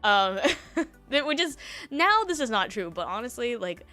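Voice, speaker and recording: A woman's voice: fairly high pitch, big pitch swings, a little slow, bright, forceful tone, faint music behind. A young woman streamer telling a story in casual chat, rambling with lots of fillers and laughs between thoughts.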